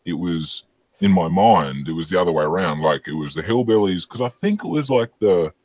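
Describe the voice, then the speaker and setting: Very deep-voiced, blunt man. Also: a little fast. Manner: blunt, swears often, animated storytelling. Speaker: guest. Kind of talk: casual chat.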